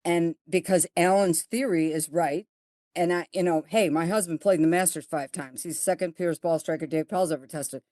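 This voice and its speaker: A woman's voice: lowish voice, brisk, no room sound, studio quality. A middle-aged woman with a Buffalo accent, a golf teacher telling stories in an interview and acting out both sides of the dialogue. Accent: Buffalo, New York. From Buffalo, New York. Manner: blunt, animated storyteller who acts out dialogue. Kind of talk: storytelling interview.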